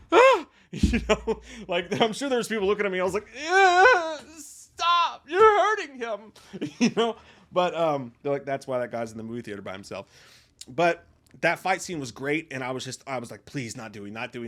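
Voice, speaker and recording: Young male host, casual spoiler review, slightly high voice, profane and emphatic with big swings in loudness. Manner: emphatic, profane, swings from loud outbursts to low mutters.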